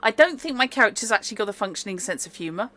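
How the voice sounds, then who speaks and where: A woman's voice: medium pitch, expressive, rapid-fire, sharp tone. A woman, playing a solo tabletop game and talking through her choices in a chatty, exclaiming way. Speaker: player.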